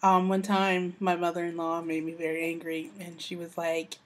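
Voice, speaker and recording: A woman's voice: fairly low pitch, monotone, normal speed. An American woman, a young adult, chatting casually in a vlog and saying "like" and "you know" a lot. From United States. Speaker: vlogger.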